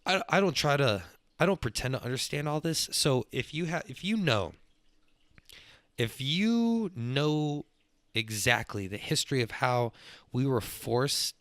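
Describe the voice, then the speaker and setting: A young man, hosting a podcast as a rambling, profane monologue that gets louder when he is worked up. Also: medium pitch, normal speed, no echo. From Texas. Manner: profane, loose and excitable, swings up when worked up. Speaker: podcast host.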